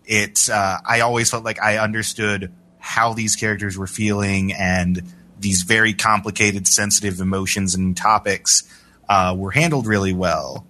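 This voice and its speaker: A man with a fairly low voice and a bright, forward tone speaks in a casual discussion. He is measured and a little hesitant, pausing often on fillers as he weighs his view. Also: fairly even intonation, rough recording. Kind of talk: casual film review chat.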